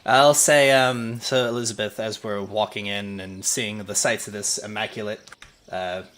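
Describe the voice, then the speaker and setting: A man's voice: lowish voice, moderate pace, slight background noise. A man playing a tabletop game, joking and swearing in casual chat. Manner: animated, joking, swears freely. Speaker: player.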